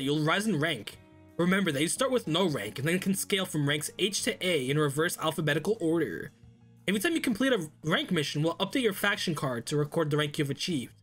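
A man's voice: a little high, fairly bright tone, breathy edge, voice pushed down. A man reading a dry rulebook desk clerk.

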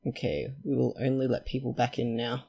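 A man giving chatty gameplay commentary, talking to himself and his characters and quickly getting excited. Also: mid-range voice, gravelly, breathy edge. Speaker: let's play host.

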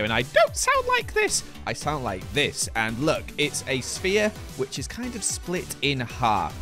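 Animated, playful young man commentating. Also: mid-range voice. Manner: goofy, self-mocking, animated. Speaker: gaming video host.

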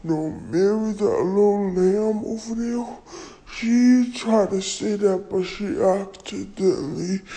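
A woman voicing a slow, rambling old turtle that reminisces about the old days. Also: mid-range voice, mellow, poor audio.

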